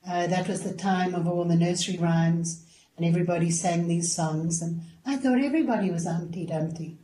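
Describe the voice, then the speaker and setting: An older South African woman in her seventies, speaking as an interview guest in a mellow, darker tone. She tells her stories calmly and gently. The room around her sounds echoey. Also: lowish voice, a little fast, slight background noise. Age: 70s. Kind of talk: casual interview chat.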